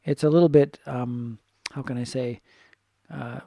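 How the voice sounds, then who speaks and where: A man's voice: medium pitch, steady tone, measured pace, gravelly, warm tone, no echo, clean studio sound. A man teaching a casual recorded lesson, thinking aloud and correcting himself as he goes. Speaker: English teacher.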